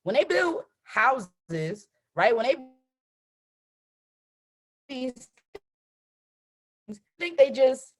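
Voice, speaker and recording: A woman hosting a live motivational call as a trading coach, emphatic and animated, tagging nearly every sentence with "right?". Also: high-pitched, extremely slow, long pauses. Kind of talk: live-streamed motivational talk.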